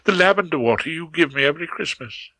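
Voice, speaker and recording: A man's voice: a little high, lively intonation, fast, sharp tone, dry recording, voice pushed up, low-quality recording. A man putting on a prim, coy English wife. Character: fussy middle-aged English wife, coy then bossy. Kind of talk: audiobook character voice.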